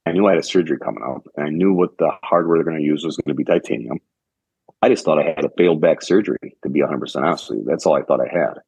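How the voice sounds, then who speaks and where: A young man with a very deep, low voice that has a husky edge, talking as a podcast guest. He tells his story earnestly and in order, often quoting what others told him. The sound is dry and a little dull, like a muffled remote recording. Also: rapid-fire, a little mellow, no echo. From Michigan, United States. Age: young adult. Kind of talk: conversational storytelling.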